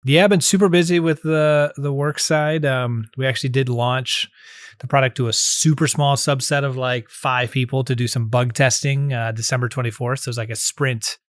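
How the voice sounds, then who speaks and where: A man's voice: medium pitch, moderate pace, no room sound. Casual male podcast host, dry sound. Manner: relaxed, chatty with restarts.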